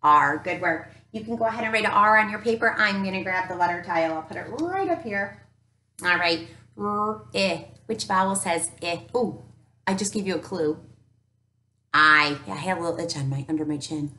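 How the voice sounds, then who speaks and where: A woman teacher giving a recorded phonics lesson to young children, upbeat and encouraging, sounding out each letter slowly. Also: lowish voice, expressive, pushed and bright, a little hiss or hum. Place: home teaching space with an easel. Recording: echoey room.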